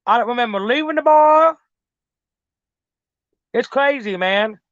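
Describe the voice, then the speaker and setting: A woman's voice: fairly high pitch, animated, a little slow. A middle-aged woman rambles through a story as an interview guest, circling back to the same phrases and swearing freely. Her voice comes through a muffled, lo-fi recording with a dry, close sound and no room echo. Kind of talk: casual storytelling.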